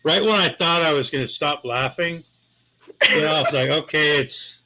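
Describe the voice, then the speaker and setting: A man's voice: on the high side, moderate pace, sharp tone, rough recording. A man hosting a casual livestream, out of breath and groaning from helpless laughter. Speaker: livestream host.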